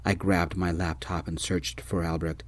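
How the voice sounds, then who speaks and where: Deep-voiced soft-spoken storytelling man. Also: little pitch movement, moderate pace. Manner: gentle, first-person narration.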